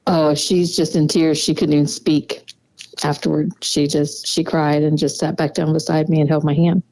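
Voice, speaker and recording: A middle-aged woman, a donor's mother, telling personal memories in a halting way, repeating words and laughing softly between them. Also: low-pitched, flat delivery, poor audio. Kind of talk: emotional personal storytelling.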